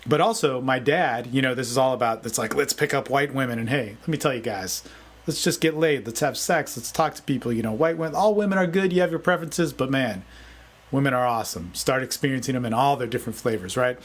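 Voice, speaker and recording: A man giving a casual, energetic motivational talk as a dating coach, often saying "man". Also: mid-range voice, quick pace. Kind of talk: casual video talk answering a forum question.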